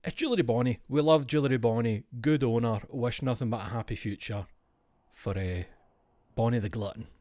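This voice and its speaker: A man's voice: medium pitch, brisk, a little mellow, no room sound. A man streaming, chatting casually in a rambling, profane, jokey way.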